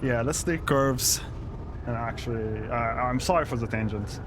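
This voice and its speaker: A man's voice: medium pitch, normal speed, noisy background. A man commenting live on a stream, reacting to clips with amused exasperation and stammered restarts.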